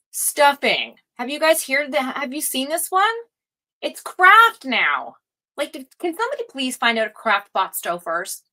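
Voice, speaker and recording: A woman's voice: high-pitched, sharp tone, poor audio. A woman doing a casual live-stream tarot reading, chatty and gushing with lots of fillers. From United States. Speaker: tarot reader.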